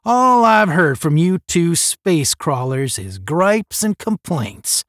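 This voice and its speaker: A man's voice: on the high side, lively intonation, normal speed, fairly bright tone, no echo, studio quality, voice pushed up. A man voicing a sarcastic, cocky young male space cadet in a read-aloud story, sneering and cutting.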